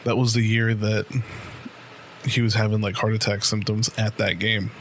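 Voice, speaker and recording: A late-twenties podcast co-host speaks on the low side, keeping a level tone at a normal speed with a fairly bright quality. His long, loose story is heavy on profanity and fillers such as "like" and "right?". There's slight background noise.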